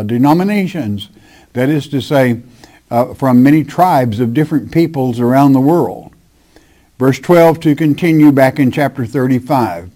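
A man teaching a sermon, reading scripture aloud and explaining it in an emphatic, deliberate preaching manner. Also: mid-range voice, mellow. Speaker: Bible teacher.

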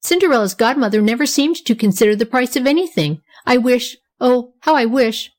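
A woman's voice: lively intonation, brisk, darkish tone, natural voice. A woman reading an audiobook voices Nora, a dreamy, touchy girl under nine, with an eager, wistful manner. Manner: eager, wistful, raised girlish pitch.

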